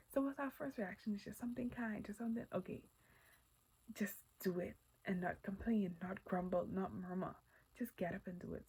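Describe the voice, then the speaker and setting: A woman giving casual, earnest Christian encouragement. She speaks candidly, often drops to a breathy near-whisper, and gets loud and animated when telling personal stories. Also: mid-range voice, low-quality recording.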